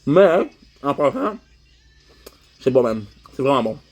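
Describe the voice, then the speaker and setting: Slow-talking Québécois man eating on stream. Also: mid-range voice, very animated, a little mellow, faint music behind. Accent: Québécois French. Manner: mixes French and English, chatting to viewers between bites. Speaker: livestreamer. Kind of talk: casual livestream chat while eating.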